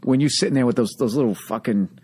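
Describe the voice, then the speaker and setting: Podcast host and comic from the US, swears a lot, tells stories with lots of energy. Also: male voice, mid-range voice, quick pace, husky. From United States. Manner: profane, animated anecdote telling. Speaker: podcast host, stand-up comedian. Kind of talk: casual chat, storytelling.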